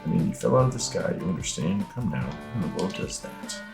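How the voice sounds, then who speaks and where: A man reading as a fussy gentleman professor. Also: low voice, sing-song, fast, vocal fry, over loud music, exaggerated voice. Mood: courteous. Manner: read aloud from on-screen text in a mock-formal tone. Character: polite fussy male Pokémon professor, scholarly.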